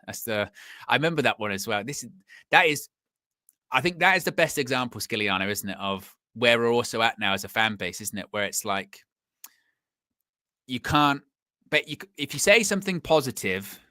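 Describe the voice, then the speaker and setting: A young man hosting a live football fan stream, chatting in an animated way and laughing often. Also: mid-range voice, no room sound, clean studio sound. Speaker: football fan channel host.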